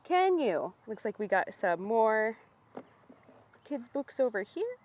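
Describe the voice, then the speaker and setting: A woman's voice: a little high, slow pace, slight background noise. Bubbly young woman vlogging outdoors. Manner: bubbly, excited, laughs often. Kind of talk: casual vlog, reading book blurbs aloud. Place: outdoors at little free libraries in a park.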